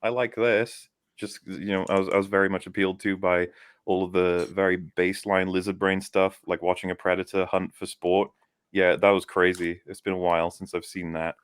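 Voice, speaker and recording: A man's voice: deep voice, flat delivery, moderate pace, smooth, dry recording, clean studio sound. A man in casual chat as a podcast panelist, teasing the others and rambling as he thinks aloud.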